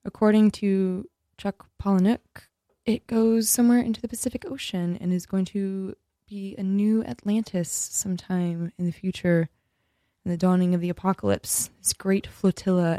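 A woman's voice: lowish voice, dark tone, no room sound. A woman hosting a radio show alone in the studio, rambling and joking, often losing her thread. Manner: rambling, jokey, self-interrupting. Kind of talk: rambling solo radio talk.

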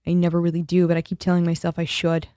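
A woman's voice: lowish voice, monotone, fast, warm tone, no room sound. A woman hosting a radio show alone in the studio, rambling and joking, often losing her thread. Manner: rambling, jokey, self-interrupting. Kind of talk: rambling solo radio talk.

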